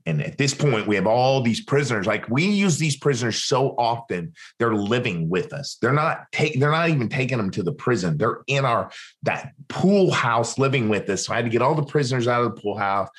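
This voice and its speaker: A podcast guest, a man, tells a long story in an animated way. He acts out other people's lines in different voices and often restarts his sentences. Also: mid-range voice, normal speed. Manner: rambling, with frequent restarts.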